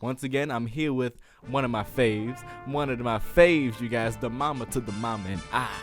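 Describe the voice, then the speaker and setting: A young man hosting a casual podcast chat, animated and playful, hyping up his audience. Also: mid-range voice, normal speed, over music. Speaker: podcast host.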